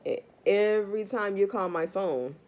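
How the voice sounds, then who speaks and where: A woman's voice: mid-range voice, a little slow, a little mellow. A woman doing a casual tarot reading vlog, talking straight to her viewers in a blunt, profane rant. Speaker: tarot reader.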